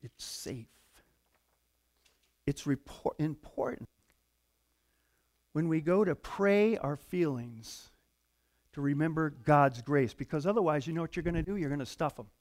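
A middle-aged man preaching a sermon in a conversational, animated way, going from hushed asides to loud outbursts. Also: on the high side, a little slow, long pauses. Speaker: pastor.

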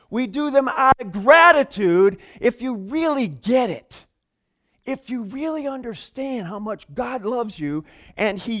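A man preaching a sermon to his congregation in an animated, conversational way, with emphatic asides. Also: high-pitched. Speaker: pastor.

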